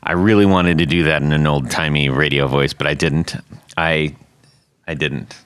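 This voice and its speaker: A man's voice: extremely low pitch, fairly even intonation, normal speed, fairly bright tone, clean tone, no echo. A man hosting a podcast in casual chat, joking around with his co-hosts, on a close studio mic. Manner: jokey, playful banter. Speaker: podcast host. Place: home studio around a dining table.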